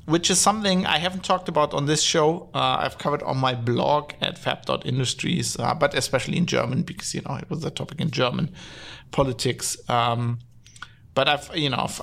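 A man's voice: medium pitch, creaky, a bit bright. A man hosting his own podcast, talking casually and sardonically, rambling with many fillers and restarts. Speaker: podcast host. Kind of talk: casual solo podcast talk. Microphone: podcast mic, streamed live.

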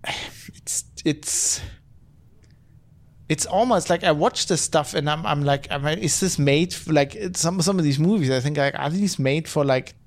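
A man's voice: fairly high pitch, darkish tone. A man hosting a podcast who reads out chat comments and rants casually, with a rambling, profane manner and many restarts and fillers. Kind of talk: casual opinion rant.

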